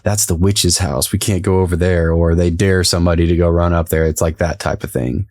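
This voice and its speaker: A man's voice: low-pitched, fairly even intonation, fairly quick, darkish tone, no room sound. A man co-hosting a podcast, recapping a TV episode in casual, rambling chat and laughing easily. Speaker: podcast co-host.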